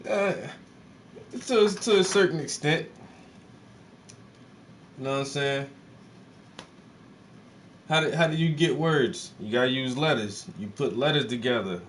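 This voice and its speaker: While painting on stream, he speaks in a mid-range voice, taking his time with long pauses against slight background noise. The chat with viewers stays casual, blunt and animated, full of swearing and rhetorical questions.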